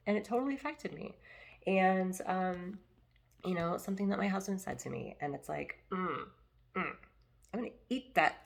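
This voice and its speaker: A woman's voice: low voice, vocal fry. A woman vlogging casually to camera, rambling with many fillers and venting her frustration. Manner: chatty, rambling, lots of fillers and restarts. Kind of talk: casual personal talk to camera.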